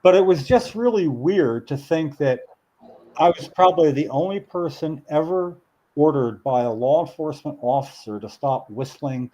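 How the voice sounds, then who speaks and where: A man's voice: on the high side, expressive, moderate pace, dark tone, low-quality recording. A middle-aged man, telling a long anecdote in casual podcast chat, rambling with many fillers and restarts.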